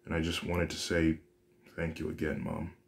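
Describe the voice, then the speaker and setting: A man playing an earnest, gentle young hero. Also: very deep voice, monotone, moderate pace, creaky. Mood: soft sincere.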